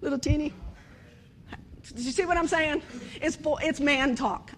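Woman preacher, high voice, animated, storytelling, humorous sermon, acts out dialogue. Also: moderate pace, slight background noise. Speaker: speaker at a church service.

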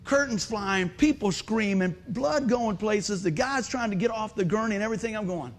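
A man preaching a sermon as pastor, telling a story with shouted sound effects and questions to the congregation. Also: high-pitched, moderate pace.

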